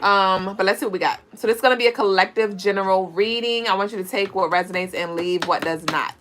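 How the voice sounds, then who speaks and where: Against a noisy background, a woman runs a live tarot reading, talking fast in a mid-range voice. The astrology and tarot streamer is playful and chatty, laughing frequently as she speaks to her viewers.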